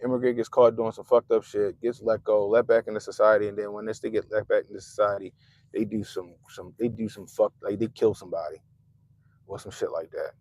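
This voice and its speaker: A commentary channel host with a lowish voice and slightly fast pace delivers a profane political rant. He's mocking and animated, jumping suddenly to loud outbursts and muttering asides.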